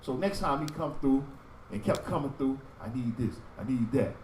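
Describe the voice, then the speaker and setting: A man teaching a religious group in sermon style, with animated storytelling that acts out street talk. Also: mid-range voice, moderate pace, roomy sound, far from the mic, a little hiss or hum, low-quality recording.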